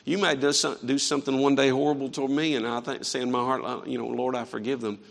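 A man preaching a sermon in a church, swinging between quiet earnest stretches and fervent raised passages. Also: medium pitch, little pitch movement, quick pace, creaky, long reverb tail. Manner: impassioned preaching with rising and falling intensity. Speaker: pastor. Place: church sanctuary.

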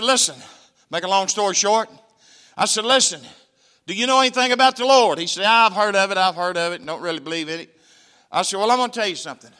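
A man's voice: on the high side, bright, forceful tone. A man, a missionary preacher telling a testimony in a church sermon, folksy and emphatic. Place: church sanctuary.

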